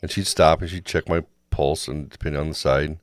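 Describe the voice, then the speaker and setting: A man with a very low voice tells a comic story in a loose, chatty way, slipping into crude jokes. The recording is close and dry, with no room sound around him. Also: fairly even intonation, a little fast, dry recording. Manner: crude jokes, acts out others' lines. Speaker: podcast co-host. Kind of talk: casual comedic storytelling.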